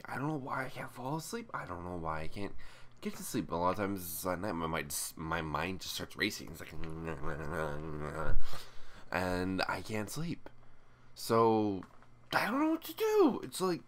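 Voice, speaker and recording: A man's voice: low voice, very animated, measured pace, a bit bright, a little hiss or hum. A tired young man talking casually to his viewers, rambling and self-mocking with sighs and groans. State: tired and drowsy. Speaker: YouTuber. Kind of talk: casual vlog talk to camera.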